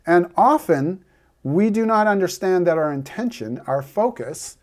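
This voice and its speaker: A man with a high voice addresses the camera directly as a heartbreak coach, delivering an earnest, persuasive motivational talk. He is animated but keeps a measured pace.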